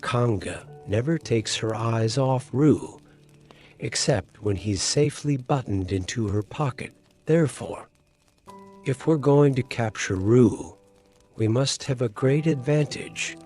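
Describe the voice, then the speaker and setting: A man's voice: mid-range voice, animated, slow, a little mellow, faint music behind. A man voicing a proud, bossy male rabbit who lays out plans solemnly. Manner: solemn, self-important.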